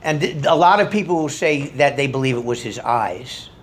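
A man's voice: medium pitch, expressive, normal speed, a little hiss or hum. A middle-aged man, a pastor leading a Bible study sermon in a conversational way, reading scripture aloud with rising emphasis.

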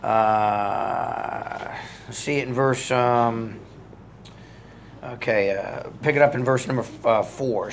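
Speaking slowly with big pitch swings, a middle-aged male pastor conducts a conversational Bible study, reading scripture aloud with mounting emphasis. His pitch is medium, and faint hiss or hum is audible.

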